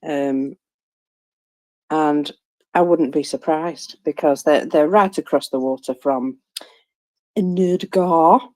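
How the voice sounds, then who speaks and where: A woman's voice: low-pitched, slow pace, pauses often, darkish tone, no echo, low-quality recording. A woman in casual live chat about war news, rambling with many fillers and restarts. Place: at home, first thing in the morning. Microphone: phone or headset in live audio room.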